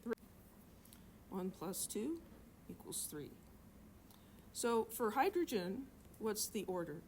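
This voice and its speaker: Her voice is mid-range and darkish, swinging widely in pitch as she takes things slowly. A middle-aged woman lecturing a chemistry class, she jokes, chats, and poses questions to students over faint background noise.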